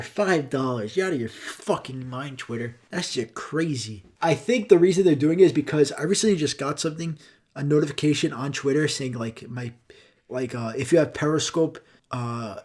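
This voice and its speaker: A man's voice: a little high, a little mellow. A man hosting his own podcast alone, ranting and swearing as he rambles. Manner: profane, rambling rant. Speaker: podcast host. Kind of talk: solo podcast rant.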